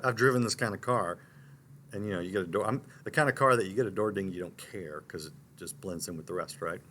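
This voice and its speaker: A middle-aged man hosting a talk show, telling a personal story in an animated way with restarts and asides. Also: sits low, a little hiss or hum.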